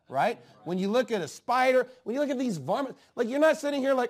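Fiery preacher man with a lively voice. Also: fast, few pauses. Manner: emphatic preaching that swings from low asides to loud outbursts. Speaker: pastor. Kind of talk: fiery sermon.

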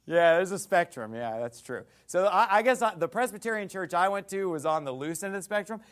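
A male pastor preaching with fire and scorn, his voice pitched high and swinging widely up and down. He hammers points home with emphatic repetition. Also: animated, fairly quick, fairly bright tone. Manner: fiery, mocking and emphatic preaching. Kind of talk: sermon.

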